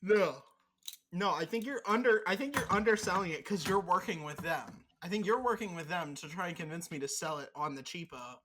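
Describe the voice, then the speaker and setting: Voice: medium pitch, a little fast, noisy background. A podcast co-host in casual chat, rambling and teasing, swearing freely.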